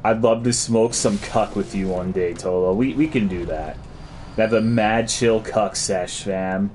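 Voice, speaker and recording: A man's voice: lowish voice, measured pace, a little mellow, a little hiss or hum. A man streaming a game, chatting casually and crudely as he reads and answers his chat.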